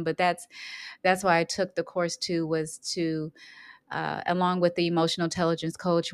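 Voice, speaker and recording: A middle-aged woman, an emotional intelligence coach, talking on her own podcast, unhurried, repeating her points for emphasis. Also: lowish voice, clean tone, no room sound. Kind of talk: solo podcast talk.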